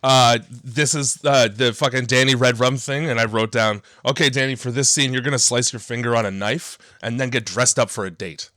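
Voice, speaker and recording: A man's voice: mid-range voice, steady tone, brisk, few pauses, bright, forceful tone, no room sound, clean studio sound. A man co-hosting a casual horror movie podcast, wry and profane, laughing easily. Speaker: podcast co-host.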